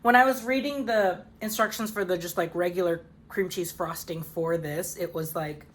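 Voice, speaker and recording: This woman's mid-range voice is animated, at a moderate pace with hardly any pauses. Hosting her own cooking vlog, she chats cheerfully through a recipe, peppering it with "like" and "um."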